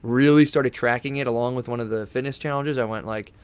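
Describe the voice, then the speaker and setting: A man's voice: medium pitch, fairly even intonation, fairly quick, clear, resonant tone, no room sound. A man talking as a podcast guest in a casual, rambling way, swearing often and calling his host "dude". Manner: rambling, laid-back, swears a lot, says "dude". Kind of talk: casual chat. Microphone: podcast studio microphone.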